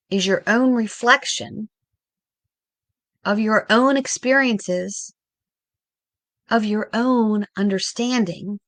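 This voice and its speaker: A woman hosting a reflective spiritual talk, speaking in short, measured phrases with pauses. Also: a little high, a bit bright, no echo.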